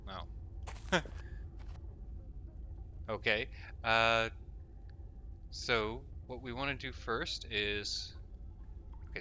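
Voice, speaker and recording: A lowish, sharp-toned male voice is heard with slight background noise. He hosts a let's play, chatting casually through the game, voicing its text aloud and muttering to himself in typical gameplay commentary.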